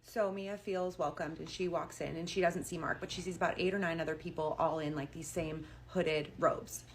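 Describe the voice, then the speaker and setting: Woman storyteller, casual, chatty, slightly low pitch. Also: fairly even intonation, normal speed, slight background noise. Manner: chatty, uses like a lot.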